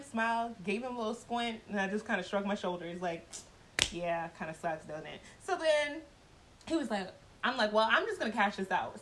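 A woman's voice: medium pitch, lively intonation, fairly quick, slight background noise, low-quality recording. A woman telling a personal story in a casual vlog, blunt and profane, laughing often as she talks.

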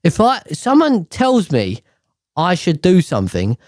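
Sarcastic, sweary ranter who argues with himself; bouncy pitch, dry close recording. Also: huge pitch swings, unhurried, darkish tone, dry recording. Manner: sarcastic, swearing, arguing with himself in back-and-forth. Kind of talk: comedic rant.

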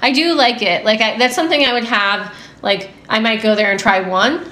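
Playful higher-voiced woman, roomy echo. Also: brisk, pushed and bright. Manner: goofy, playful, rambling. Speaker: podcast co-host. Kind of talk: casual chat. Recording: roomy echo, faint background hum.

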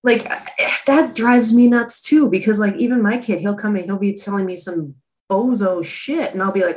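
A woman in her thirties co-hosting a casual podcast, talking in halting, easygoing bursts. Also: medium pitch, darkish tone, slight background noise. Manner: casual, halting, many fillers and restarts. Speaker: podcast co-host. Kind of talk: casual chat.

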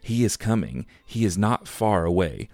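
Creepy hooded rider, stiff slow talk, low voice, man reading it. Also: expressive, a little mellow, dry recording. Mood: cold. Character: sinister hooded male rider, cold. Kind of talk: reading a novel aloud.

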